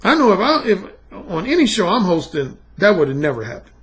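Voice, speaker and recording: A man's voice: sits high, big pitch swings, a little fast, fairly bright tone. A middle-aged man hosting his own podcast, talking in a blunt, emphatic, profane monologue. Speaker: podcast host and dating coach. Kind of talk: casual monologue.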